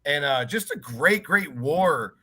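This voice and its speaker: A man's voice: fairly high pitch, expressive, slow, sharp tone, husky. A man hosting a podcast, asking questions and reacting enthusiastically in a casual conversation over a video call. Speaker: podcast host. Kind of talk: casual interview chat.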